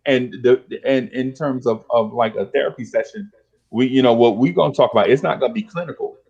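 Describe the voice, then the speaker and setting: This podcast host, a middle-aged man, has a mid-range voice with a breathy edge and talks a little fast. Using streetwise slang, he tells street tales animatedly and performs his old friends' lines in casual chat, heard through dull audio.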